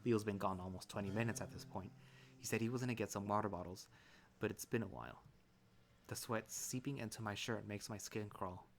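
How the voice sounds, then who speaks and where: A man narrating a visual novel in first person, calm and relaxed, with small restarts. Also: lowish voice, a little fast, gravelly, a little hiss or hum.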